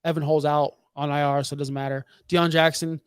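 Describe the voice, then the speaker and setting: A fired-up man co-hosting a podcast, his voice sitting a little high and ranting with heavy emphasis. The sound is dry and close, with no room echo. He piles point upon point without letting up. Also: level tone, brisk, smooth. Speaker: podcast co-host. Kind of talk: heated fantasy football talk.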